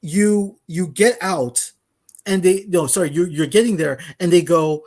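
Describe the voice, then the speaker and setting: High-voiced man ranting animatedly about games. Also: unhurried. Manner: animated ranting with laughs and acted quotes. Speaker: podcast co-host. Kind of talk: casual gaming chat.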